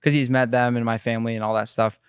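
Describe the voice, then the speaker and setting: A man in his twenties, a guest chef, telling rambling, animated stories in a casual podcast interview. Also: medium pitch, fast talker, clean tone, no room sound, studio quality.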